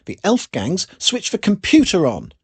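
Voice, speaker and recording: A storyteller voicing a sensible, indignant female Christmas elf in a storybook reading, with a husky, high, urgent delivery. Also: wildly swooping pitch, a little slow, heavily acted.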